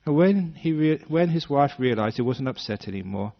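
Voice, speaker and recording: An older English man speaks as a Buddhist monk giving a dharma talk, with an even, mid-range voice. He tells the story with a light, humorous touch and slips into small voices for the people in it. The recording sounds dull and lo-fi. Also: medium pitch, normal speed, vocal fry. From British-born, based in Western Australia.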